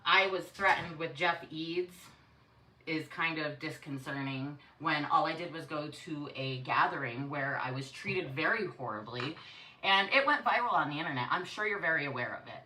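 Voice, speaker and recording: A woman with a northern US accent, speaking in a measured, pointed, firm way. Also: low-pitched, bright, forceful tone. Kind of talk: recorded conversation. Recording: echoey and distant.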